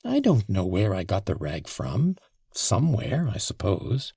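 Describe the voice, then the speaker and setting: Guy doing an upset young ex-soldier getting grilled, defensive, snaps up high, gravelly audiobook voice, dry close sound. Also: huge pitch swings, measured pace, no echo, heavily acted. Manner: defensive, flaring into loud outbursts. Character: agitated young ex-soldier under interrogation, defiant.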